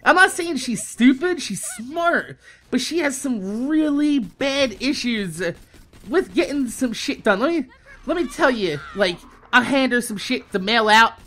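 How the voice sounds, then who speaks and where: A young man hosting a gaming channel, telling a storytime in a profane, animated, casual way. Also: very high voice, a little slow.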